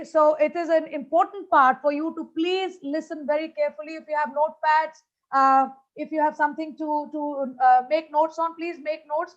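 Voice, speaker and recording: A high-voiced woman gives a motivational keynote over a video call. She talks with lots of energy, repeats her greetings and fills pauses with lots of "uh"s. The audio comes through dull and lo-fi. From India. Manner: energetic, repetitive greetings, many fillers. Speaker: motivational speaker. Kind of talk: conference keynote talk.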